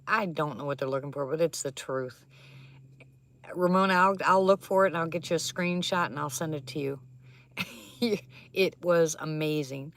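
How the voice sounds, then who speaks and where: Speaking in a low-pitched, fairly bright tone, a woman livestreams from her attic. She reads the chat aloud, responds to viewers by name, and keeps things casual with frequent laughter.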